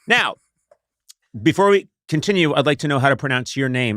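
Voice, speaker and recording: A man's voice: fairly high pitch, lively intonation, brisk, bright, forceful tone, dry recording, clean studio sound. A man hosting a talk show, teasing his guests in comedic banter with a mock-combative edge. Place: studio.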